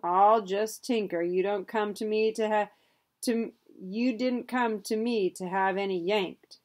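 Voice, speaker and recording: A woman voicing a shifty frontier dentist and scoundrel who speaks low and slyly. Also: fairly even intonation, unhurried, a little mellow, lightly acted. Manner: low, muttering, sly.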